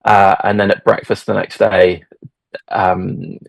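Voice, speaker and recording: Low, gravelly, husky-voiced man. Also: little pitch movement, slow, dry recording. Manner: hesitant, many fillers and restarts. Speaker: podcast guest, football fan. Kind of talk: casual storytelling.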